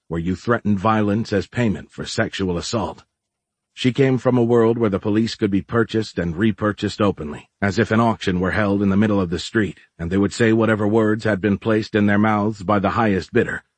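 A male audiobook narrator with a low, husky voice reads scripted narration. His storytelling is steady and measured, with no echo.

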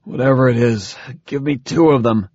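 A man's voice: mid-range voice, moderate pace, a little mellow, no echo, muffled recording, close to an everyday voice. Casting: wry, pained captive man, terse and sarcastic, voiced by a male narrator. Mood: wry, strained.

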